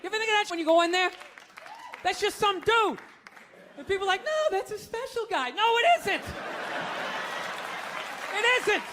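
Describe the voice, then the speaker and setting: A man's voice: extremely high pitch, moderate pace, pauses often, a crowd in the background, noisy background. A man doing stand-up comedy, ranting in a profane, incredulous way. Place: stage before a live audience.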